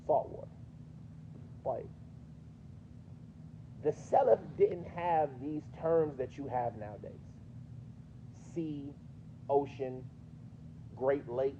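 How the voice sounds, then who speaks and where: A man with a New York accent teaches a mosque class explaining hadith, questioning his students in a conversational way. His mid-range voice has a dark tone, and he speaks slowly with long pauses. The audio is dull, with a little hiss or hum.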